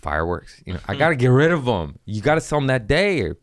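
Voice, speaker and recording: A young man telling a wild story in casual podcast chat, swearing freely and jumping into high voices when he quotes people. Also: fast talker, dry recording, studio quality. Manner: animated, acts out quotes with sudden pitch jumps, swears freely.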